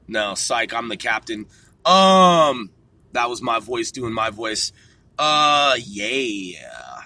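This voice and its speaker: A man's voice: medium pitch, sing-song, drawn-out words, sharp tone, no room sound. A man hosting a rambling solo talk from a car, loose and profane, laughing at himself. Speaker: podcast host.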